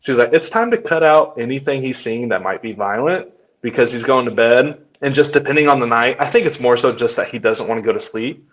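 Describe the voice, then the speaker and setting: A man's voice: mid-range voice, brisk, hardly any pauses, fairly bright tone, muffled recording. A young man, a podcast co-host, chatting casually and telling family stories, acting out his son's lines. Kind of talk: casual chat.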